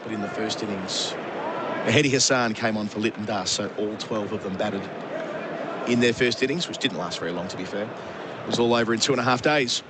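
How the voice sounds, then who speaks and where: A man doing ball-by-ball radio cricket commentary, brisk, lifting his voice to call each delivery. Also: lowish voice, very noisy.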